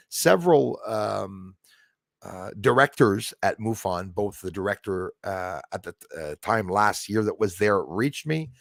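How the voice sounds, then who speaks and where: A man's voice: mid-range voice, vocal fry, no room sound, studio quality. A man hosting a livestream from a rural home, rambling and chatty as he reads viewer comments aloud. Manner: rambling, chatty, jumps between topics. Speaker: channel host.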